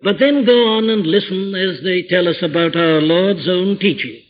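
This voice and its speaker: An older man preaching from the pulpit, his voice pitched high and ringing with emphasis as he quotes scripture in old English. It is a dull, lo-fi archive recording, and a long reverb hangs in the church behind him. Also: moderate pace. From Wales. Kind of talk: sermon.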